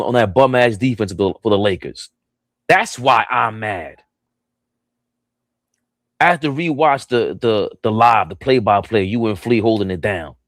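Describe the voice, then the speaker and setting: Male sports stream host, mid-pitched voice, dry sound, heated and profane. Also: dry recording. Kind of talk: fired-up sports talk stream.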